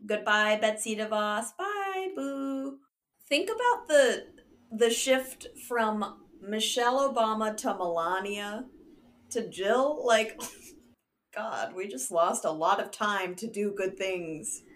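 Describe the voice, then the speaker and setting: A woman's voice: mid-range voice, slow, a bit bright. A young woman from the United States co-hosting a podcast in casual chat, bubbly and gushing, with lots of likes and laughs. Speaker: podcast co-host.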